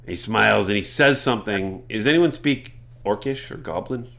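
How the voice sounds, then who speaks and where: A man's voice: fairly low pitch, moderate pace, creaky, a bit bright. A man narrating a tabletop game as game master, chatty with self-deprecating asides.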